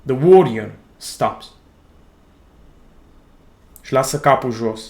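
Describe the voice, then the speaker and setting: A man, narrating a tabletop game as game master in a slow, dramatic second-person style. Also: mid-range voice, animated, a little mellow, roomy sound.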